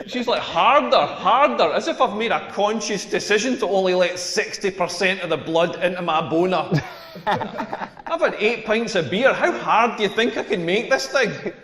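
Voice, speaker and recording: Scottish man, forties, stand-up comic, wry self-mocking delivery, fairly high voice, roomy reverberant club. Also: normal speed, fairly bright tone, slight background noise. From Scotland. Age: 40s. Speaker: stand-up comedian. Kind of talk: stand-up comedy set. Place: comedy club stage, echoey room. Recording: echoey hall with long reverb.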